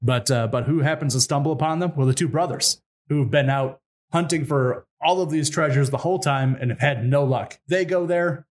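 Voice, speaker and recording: Brief: slightly high-voiced man, podcast co-host spinning a folk tale with crude jokes. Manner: irreverent, swears, fast retold dialogue. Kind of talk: casual comic storytelling.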